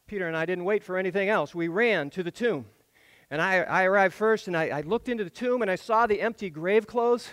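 A man's voice: sits high, brisk, a bit bright. A man, a pastor, acting the Apostle John as an awed eyewitness in a church drama monologue, telling it earnestly with stammered restarts. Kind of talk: first-person dramatic monologue.

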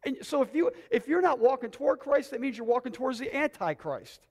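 A man preaching a sermon to a congregation in a church, excited and close to yelling as he exhorts his listeners. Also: very high voice, fairly quick, hardly any pauses. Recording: long hall reverb.

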